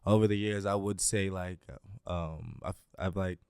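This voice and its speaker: A young man from Greece who talks with an American accent answers questions in an easygoing way, leaning on "um" and "like" as he goes. His voice is low and smooth. The sound is close and dry. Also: fairly even intonation, a little slow, a little mellow, no room sound. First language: Greek. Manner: laid-back, many fillers like "um" and "like". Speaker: guest, basketball player. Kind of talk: casual interview chat.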